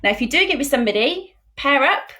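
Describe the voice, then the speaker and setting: A woman with a British accent teaching a beginner sign language lesson, explaining slowly and patiently with an expressive voice. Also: high-pitched. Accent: British English. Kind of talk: informal teaching video.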